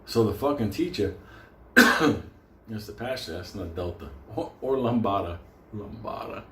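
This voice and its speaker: A man's voice: on the low side, a little slow. Crude, rambling male storyteller. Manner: crude, rambling, animated, acts out voices. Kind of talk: profane comedic storytelling. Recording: roomy sound with faint ambient noise.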